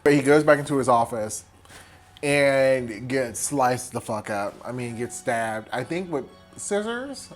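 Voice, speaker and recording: A slightly drunk man tears through a horror movie plot in a loose, profane comedy recap, his voice sitting at an ordinary middle pitch. He keeps breaking into quick character impressions. Faint music plays underneath. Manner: animated, profane, mimics characters in quick bits. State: tipsy from wine. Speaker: host.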